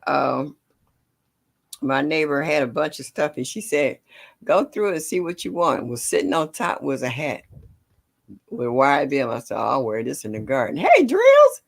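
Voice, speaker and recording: An older woman hosting a casual gardening livestream, greeting viewers by name and chatting warmly. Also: rumbling low, moderate pace, creaky. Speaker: livestream host.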